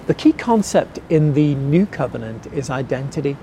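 A middle-aged man, preaching a sermon earnestly and slowing down to stress key words. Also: medium pitch, animated, mellow, a little hiss or hum. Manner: earnest, repeats key phrases slowly for emphasis. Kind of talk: sermon teaching.

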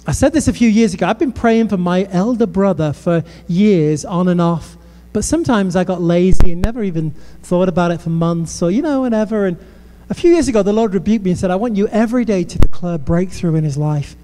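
A man's voice: high voice, animated, brisk, mellow, slight background noise. A male pastor from the United Kingdom preaching a passionate sermon with conversational asides in a church hall. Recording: echoey hall.

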